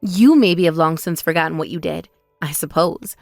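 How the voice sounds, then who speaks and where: A woman's voice: sits low, creaky, no room sound, studio quality, faint music behind. A woman voicing a cool, cutting older sister. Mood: cold. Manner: measured, pointed, quietly sarcastic. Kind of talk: text-message story voice acting.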